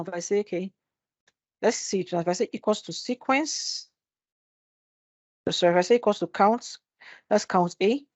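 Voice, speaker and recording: A woman's voice: mid-range voice, a little mellow, no echo. A woman leads a live spreadsheet class over a computer mic. She keeps asking the class rhetorical questions and answers them herself. The audio is dry and a bit muffled. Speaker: Excel instructor. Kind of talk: live screen-share tutorial. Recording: dull dry webinar audio.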